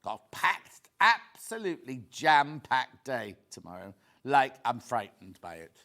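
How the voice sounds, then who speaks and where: A man presenting on a TV shopping channel, chatting excitedly and tossing quick asides to viewers and crew. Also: medium pitch. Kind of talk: live TV selling chat.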